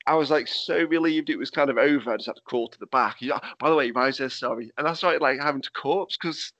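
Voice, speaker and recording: A man's voice: medium pitch, fast, fairly bright tone, dry recording. A man hosting a podcast, chatting casually and swearing freely over a video call. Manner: sweary, laid-back storytelling. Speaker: podcast host and wrestling promoter. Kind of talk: casual chat. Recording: muffled Skype call audio.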